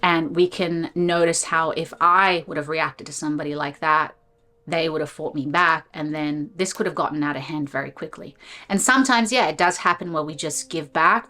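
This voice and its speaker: A woman hosting a meditation channel, telling a personal story in a casual, animated way and laughing often. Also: deep voice. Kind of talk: casual spiritual talk to camera.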